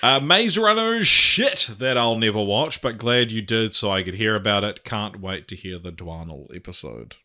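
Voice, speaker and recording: Man, podcast co-host, casual chat, reads listener comments aloud, lowish pitch, bright forceful tone. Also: animated, normal speed, few pauses.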